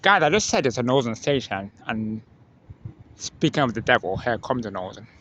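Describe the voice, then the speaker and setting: A man filming trains from the trackside, chatting excitedly as they pass and swinging between mumbled asides and excited squeals. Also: mid-range voice, normal speed, dull audio, a little hiss or hum. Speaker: trainspotting vlogger. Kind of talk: excited live commentary. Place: outdoors beside a railway line.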